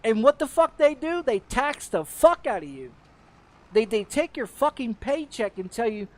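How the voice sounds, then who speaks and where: A man's voice: very high-pitched, very animated, normal speed. A middle-aged man from the United States, a game streamer, in a heated, profane rant that keeps stumbling over repeated words. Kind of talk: heated off-topic rant on a livestream.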